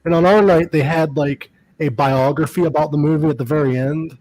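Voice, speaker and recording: A man's voice: fairly high pitch, fairly even intonation, fairly quick, a little mellow, poor audio. A man hosting a podcast in a casual chat, laughing often and swearing loosely while reading fan questions. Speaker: podcast host.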